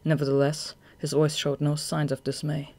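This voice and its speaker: A narrator reading a fan audiobook in an even, measured way. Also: mid-range voice.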